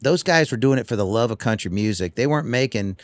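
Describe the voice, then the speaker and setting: A man, a guest telling lively stories in casual chat on a tour bus. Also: mid-range voice, quick pace. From North Carolina. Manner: animated storyteller.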